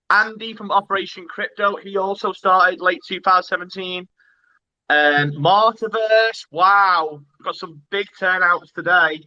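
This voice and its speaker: A man's voice: sits high, sharp tone. A man with a Cheshire accent hosting a casual online interview, laid-back and matey. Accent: Cheshire, northern English. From Cheshire, England. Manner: laid-back, matey, calls guest bro. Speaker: host. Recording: dull lo-fi audio.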